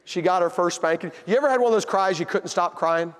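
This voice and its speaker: A man telling a humorous family story in a sermon, folksy and animated. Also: high-pitched, fast talker, big-room sound. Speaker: pastor.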